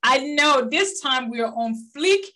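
A woman from Liberia co-hosts a podcast, talking in a casual, chatty way. Her voice is bright and a bit high, and she keeps the talk lively and teasing. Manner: lively, chatty, quick to tease. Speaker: podcast co-host. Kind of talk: casual chat.

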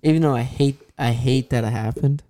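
A man's voice: mid-range voice, a little fast, mellow, no echo. Sarcastic young man hosting sports chat. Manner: sarcastic, playful banter. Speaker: podcast host.

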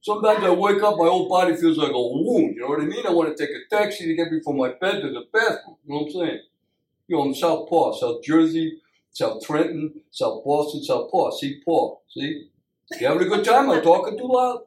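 A man doing an impression of a brash, rambling boxer, talking loud in a street drawl. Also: a little high, lively intonation, a little fast, close to an everyday voice. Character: tough mumbling boxer, male, middle-aged, brash. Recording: echoey room, mic at a distance.

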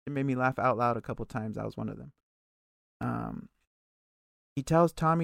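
A man with a gravelly, fry-laden voice talks through a recap in relaxed, casual chat. He is loose and profane, and he throws in quick asides. The sound is dry and close, with no room around it. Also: medium pitch, no echo. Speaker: podcast co-host recapping a TV episode.

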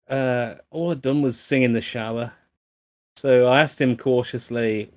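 A man co-hosts a casual podcast, rambling through stories with plenty of fillers and swearing. His voice sits at a middling pitch and sounds dry and close, with no room around it. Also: normal speed, darkish tone, no echo. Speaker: podcast co-host.

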